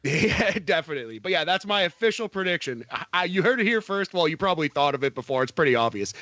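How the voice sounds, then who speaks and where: A man's voice: fairly high pitch, lively intonation, fast talker, few pauses, pushed and bright, dry recording. A man co-hosting a podcast, talking casually and animatedly about wrestling, swearing and laughing often. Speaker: podcast co-host.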